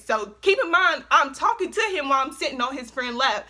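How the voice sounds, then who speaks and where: Young woman vlogger, high and bright, animated casual storytime. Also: fast talker, few pauses. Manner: animated, swearing, lots of slang and fillers.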